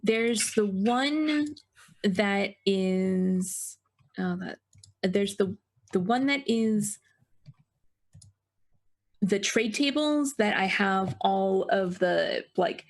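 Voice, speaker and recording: A woman in casual chat before a tabletop game, explaining in halting bursts. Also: mid-range voice. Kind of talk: casual chat among players.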